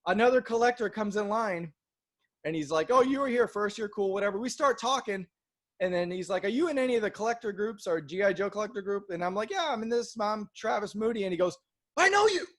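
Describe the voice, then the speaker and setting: A man from Boston, co-hosting a casual chat and telling a story in an animated way, acting out the people in it and swearing casually. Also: sits high, quick pace. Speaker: co-host.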